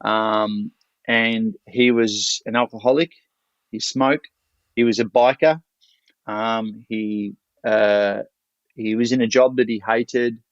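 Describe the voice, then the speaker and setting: A man's voice: lowish voice, steady tone, takes it slowly, no room sound. An Australian man, a podcast guest, telling a story in a blunt, salty, loose way. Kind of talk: casual storytelling. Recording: dull lo-fi dry recording.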